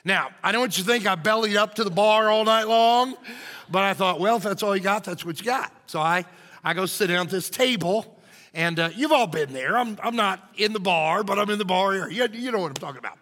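A man pastor, telling an animated, joking story in a sermon. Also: high voice, brisk, big-room sound. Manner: animated, jokey, acts out shouting crowds.

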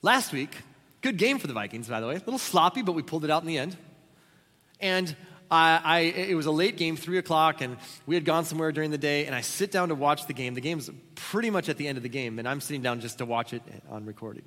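A man preaching a sermon as pastor, telling stories with sudden loud exclamations. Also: fairly high pitch, animated, fast talker. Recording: long reverb of a large hall.

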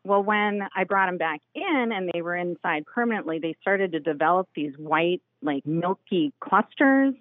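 Excited woman caller on a tinny phone line. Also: lowish voice, normal speed, hardly any pauses, no echo. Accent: Upper Midwest. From Minnesota. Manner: chatty, excited, laughs easily. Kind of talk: casual phone call to radio show. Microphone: telephone line.

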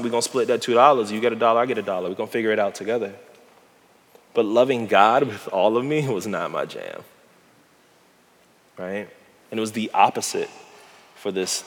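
A man preaching a casual, slangy sermon, animated and laughing often as he retells a Bible passage. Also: mid-range voice, quick pace. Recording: hall reverb.

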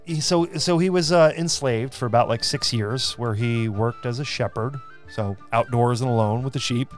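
A man co-hosting a podcast, casually retelling history, relaxed and quick to joke. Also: medium pitch, faint music behind. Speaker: podcast co-host.

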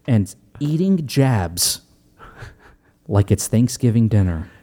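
A man casually recapping a movie as a podcast host, animated, joking and profane. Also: on the low side, slow. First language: Italian heritage, speaks English.

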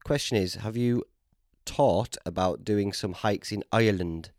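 A man's voice: fairly low pitch, measured pace, darkish tone, dry recording, studio quality. A man from Britain hosting a podcast, chatting casually and bantering, often saying "mate". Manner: laid-back banter, says "mate" often. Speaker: podcast host. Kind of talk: casual chat.

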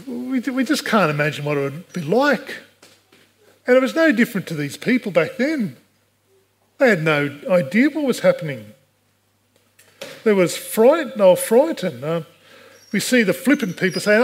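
A man's voice: sits high, very animated, moderate pace, pauses often. A man, a pastor, preaching a sermon in an earnest way, with rhetorical questions to the congregation. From Australia.

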